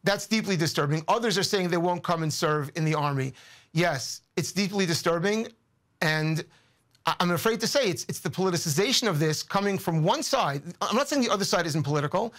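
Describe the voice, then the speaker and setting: A man's voice: high-pitched, fairly quick, fairly bright tone. A man speaking as a guest commentator in a news interview, earnest and emotional, often repeating words as he searches for them.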